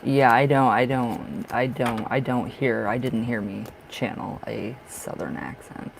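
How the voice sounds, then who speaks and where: A man's voice: mid-range voice, a little slow, creaky, a little hiss or hum, low-quality recording. Hey so a guy doing tarot readings live, from up north in the us, talks a lot, laughs a ton, repeats stuff. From northern United States. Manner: chatty, laughs often, repeats himself. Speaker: tarot reader.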